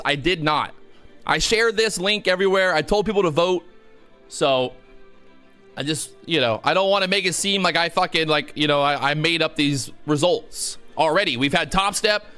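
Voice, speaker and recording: A man hosting a mock award show on his live stream, joking, excitable and swearing freely. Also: sits high. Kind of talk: jokey live-stream chat, playing award announcer.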